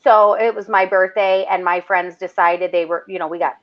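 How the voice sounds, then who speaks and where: A middle-aged woman from the area, telling a wild story in a loud, animated, swearing way with lots of laughing. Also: fairly low pitch, moderate pace. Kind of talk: casual storytelling. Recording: dull lo-fi sound.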